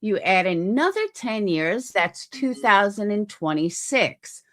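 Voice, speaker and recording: A woman's voice: mid-range voice, expressive, takes it slowly, fairly bright tone. A woman hosting reaction commentary, talking in a sarcastic, mocking way about a clip she plays. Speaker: commentary host.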